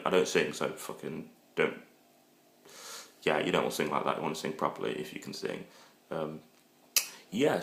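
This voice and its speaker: A man rambling through crude, joking dating advice in a casual comedic monologue. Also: sits low. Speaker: vlogger giving dating advice. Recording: echoey room.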